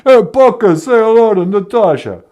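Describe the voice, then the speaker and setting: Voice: mid-range voice, expressive, normal speed, darkish tone, lightly acted. A performer doing a mumbling tough-guy impression of a washed-up male movie star, drawling. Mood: boastful.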